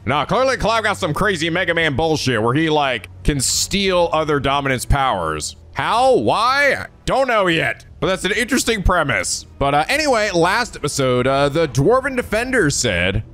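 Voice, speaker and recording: A man hosting a let's play, recapping the story in excitable, jokey, swear-filled commentary with sudden shouts. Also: fairly high pitch. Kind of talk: energetic gameplay commentary.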